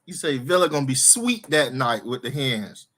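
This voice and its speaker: Bright, lively young man teasing. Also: mid-range voice, normal speed. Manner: teasing, instigating, laughs often. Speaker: co-host reading viewer comments. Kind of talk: casual live-stream sports chat.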